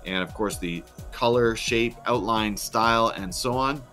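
A man, a teacher, narrating a screen-recorded software tutorial in a chatty, step-by-step way with dry little asides. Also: lowish voice, unhurried, hardly any pauses, faint music behind.

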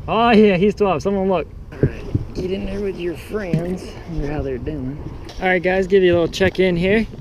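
A man hosting a fishing vlog from a boat, casual and excitable, hollering when he lands a fish. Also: high-pitched. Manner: excitable, hollers over catches. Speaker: fishing vlogger. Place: outdoors on a small fishing boat. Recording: noisy outdoor boat audio.

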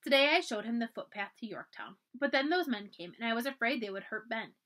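A woman's voice: on the high side, animated, brisk, fairly bright tone. A woman reading aloud and voicing a brave, spirited colonial girl of about ten who talks urgently and pleads. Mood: apologetic.

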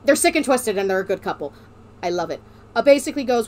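A woman streamer chatting casually, excitable and rambling, often breaking into giggles. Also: on the high side, brisk. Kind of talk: casual chat.

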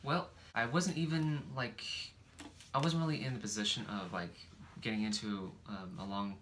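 A young man in his twenties with a bright, mid-pitched voice talks haltingly and often stops to restart his sentences. Faint background noise sits behind him. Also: steady tone. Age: 20s. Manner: hesitant, many fillers and restarts. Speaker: boyfriend guest. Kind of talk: casual couple Q&A.

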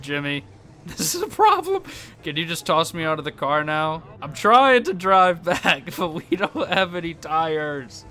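A young man commentating his own game play, excitable and quick to laugh, yelping when surprised. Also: on the high side, faint music behind. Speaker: gaming YouTuber.

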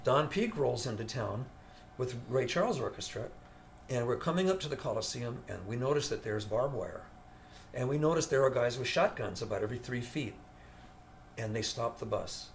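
An older man, a veteran studio guitarist, tells an animated story during an interview, acting out the voices of the people involved. His mid-range voice moves at a normal speed with some vocal fry, and there's slight background noise.

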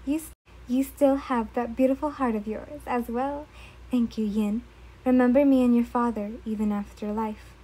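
A woman's voice: a little high, fairly even intonation, moderate pace, dark tone, husky, low-quality recording. A woman voicing a loving, remorseful mother who speaks tenderly in a dream, in a read-aloud fan story. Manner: tender, emotional.

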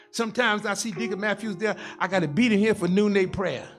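A man's voice: sits high, brisk, fairly bright tone, faint music behind. Older man preaching with call-and-response. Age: 60s. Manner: folksy, repetitive phrasing. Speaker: pastor. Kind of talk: sermon.

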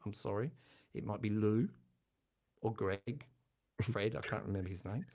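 An older man hosts a relaxed livestream chat with a gravelly, slightly rough edge to his voice. He talks in a chatty, self-deprecating way and breaks into laughter often. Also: fairly low pitch, moderate pace. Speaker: channel host.

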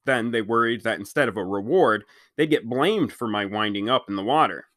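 A man's voice: lowish voice, a little fast, dry recording, studio quality. Man reading a chapter book aloud. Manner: steady reading, stops to fix his own slips. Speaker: children's book reader. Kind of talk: read-aloud storytelling.

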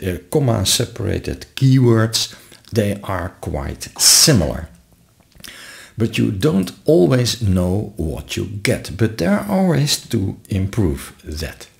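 A man talks through a software tutorial at a slow, unhurried pace. His low voice is gravelly. His pitch rises and falls a lot as he explains each step. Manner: relaxed, explains step by step with frequent uh fillers. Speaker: tutorial host. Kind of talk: screen-recorded software tutorial.

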